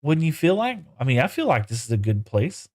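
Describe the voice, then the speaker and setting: A man's voice: mid-range voice, very animated, a little fast, darkish tone. A man live-streaming a game, chatting casually with viewers and coaxing his in-game horses in playful broken talk.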